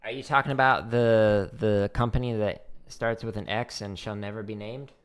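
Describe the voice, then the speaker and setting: A man's voice: fairly low pitch, fairly even intonation, moderate pace, smooth. A man teaching drum rudiments on a home livestream, chatty and loose, with lots of "like" fillers, counting patterns aloud into a desk mic. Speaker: drum instructor streaming. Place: home practice room. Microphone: desk microphone.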